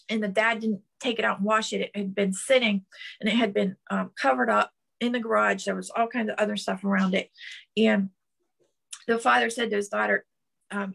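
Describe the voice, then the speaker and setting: Fervent woman preacher, bright gravelly voice. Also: medium pitch. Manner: fervent, repetitive declarations with frequent restarts. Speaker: prophetess preaching. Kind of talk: sermon.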